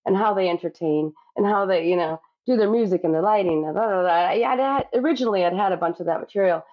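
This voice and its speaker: A woman's voice: medium pitch, quick pace, muffled recording. A woman cookbook author talking reflectively in a podcast interview, with many you-knows.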